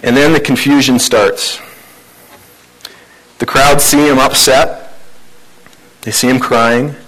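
A man preaching a sermon in a conversational way, asking rhetorical questions and rising in pitch for emphasis. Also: fairly even intonation, slow, a bit bright, rough recording. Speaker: pastor.

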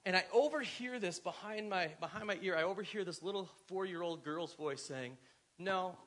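A man in his thirties with a high voice preaches from the front of his church. His sermon is loose and conversational, full of asides and quick questions to the congregation. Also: fairly bright tone. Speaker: pastor.

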